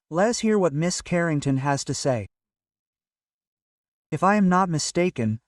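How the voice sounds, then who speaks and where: A man reading a detective story aloud as narrator in an even, measured way. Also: on the high side, dry recording, studio quality, far from the mic. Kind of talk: scripted audiobook narration.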